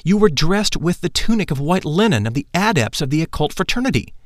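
A man's voice: a little high, sing-song, a little fast, no echo, studio quality, voice pushed up. A man doing a wise woman adept. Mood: solemn. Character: wise female adept, calm and knowing.

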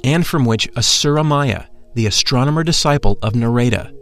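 Man, mid-pitched voice, reverent scripted narration, soft music underneath. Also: brisk.

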